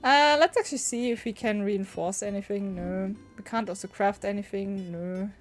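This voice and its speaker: In casual livestream commentary over faint music, a woman speaks at a moderate pace with a steady, medium-pitched voice. She's playing a game and catching a cold, sniffling as she chats and rambles with her viewers.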